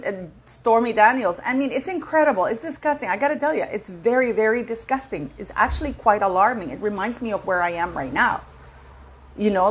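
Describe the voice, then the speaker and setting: A middle-aged woman hosting her own channel, giving an indignant, rambling opinion rant to camera and repeating words for emphasis. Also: on the high side. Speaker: commentary channel host.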